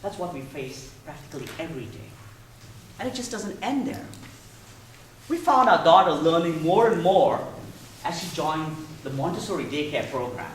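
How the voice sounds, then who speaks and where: A man in his thirties tells a story in a prepared speech, his high voice swinging lively up and down. He talks with a playful storyteller's touch. The sound is echoey and distant, with the mic set far back in a big hall. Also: moderate pace, a little hiss or hum. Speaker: contest speaker.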